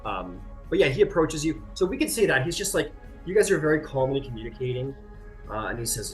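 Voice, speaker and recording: A man narrating a tabletop game as its game master, at an average pitch. He wanders through his descriptions with many fillers and restarts. Faint music plays behind him. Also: sing-song, brisk. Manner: rambling, full of fillers and restarts.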